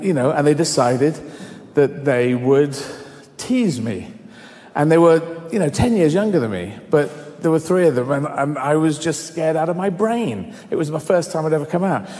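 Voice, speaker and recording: Middle-aged man, fairly high voice, animated storytelling, long hall reverb. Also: moderate pace. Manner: animated, acts out voices, swears freely. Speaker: guest. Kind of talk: storytelling in conversation.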